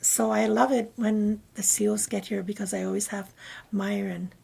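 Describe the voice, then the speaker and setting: A woman guest telling a personal story in conversation, rambling and often dropping into breathy half-whispered asides. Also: medium pitch, flat delivery, normal speed, darkish tone. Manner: meandering, with many fillers and restarts. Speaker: interview guest.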